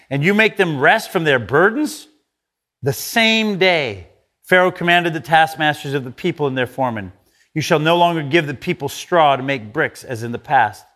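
High-voiced man preaching conversationally. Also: a bit bright. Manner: conversational preaching, acts out quoted lines. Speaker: pastor. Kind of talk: sermon.

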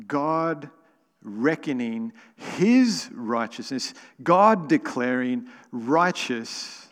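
Guy preaching slow in a church, lots of echo, gets loud and punchy sometimes. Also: mid-range voice. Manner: emphatic, rising to exclamations. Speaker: pastor. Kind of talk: sermon.

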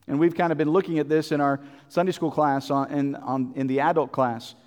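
A man's voice: a little high, flat delivery, brisk, darkish tone, big-room sound. A man preaching a Bible sermon in an earnest, repetitive way, with many fillers and restarts.

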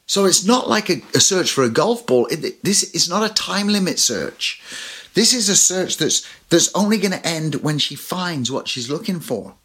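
A man's voice: fairly high pitch, very animated, normal speed, fairly bright tone, husky. A man preaching a sermon as pastor, telling personal stories with light humor. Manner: storytelling with personal anecdotes and humor.

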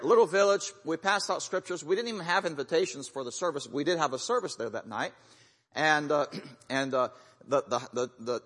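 A man's voice: a little high, a bit bright. A man speaking as a guest missionary, telling stories in a folksy way, full of fillers and restarts. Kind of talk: sermon-style testimony. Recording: long reverb of a large church hall.

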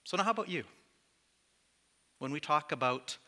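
A man's voice: fairly high pitch, animated, normal speed, long pauses, bright, forceful tone. A man preaching as pastor to his church, candid and conversational, with self-deprecating asides. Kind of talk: sermon.

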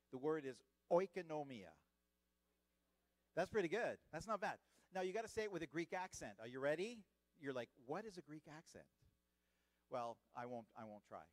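A middle-aged man from Canada delivers a sermon in a fairly high voice. He is lively, jokes, and keeps turning questions back to the audience. The sound is dry and close. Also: no echo, low-quality recording. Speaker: church leader preaching.

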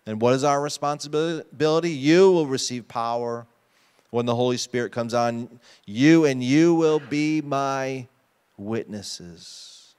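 A man's voice: mid-range voice, slow pace, darkish tone, clean tone. A pastor preaching a sermon to his congregation, emphatic and often asking them questions. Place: church sanctuary.

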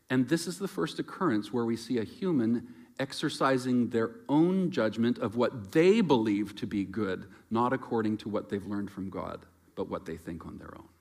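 A man preaching a sermon in a reflective, conversational way, moving between loud emphasis and quiet asides. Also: medium pitch.

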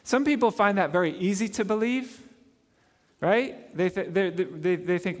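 Guy preaching a sermon, pretty high voice, earnest, lots of reverb. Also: lively intonation, measured pace. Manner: earnest, swells and drops in volume, asks the listeners questions.

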